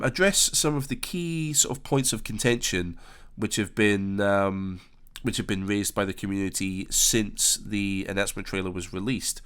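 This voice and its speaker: A man's voice: on the low side, fairly bright tone, smooth. A man giving casual commentary on a game announcement, hesitant with many fillers and restarts. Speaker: flight sim commentator.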